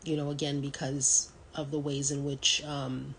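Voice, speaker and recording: A woman's voice: very deep voice, little pitch movement, measured pace, fairly bright tone, a little hiss or hum, poor audio. A woman in her thirties hosting a podcast, talking in a casual, rambling way full of ums and you-knows. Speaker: podcast host. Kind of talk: casual solo talk.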